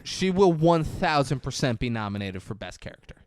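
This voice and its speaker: A young man co-hosting a casual movie-review podcast, excitable and profane, recorded on a close mic. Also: mid-range voice, a little fast, no echo. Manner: excitable, profane, swings into voices. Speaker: podcast co-host.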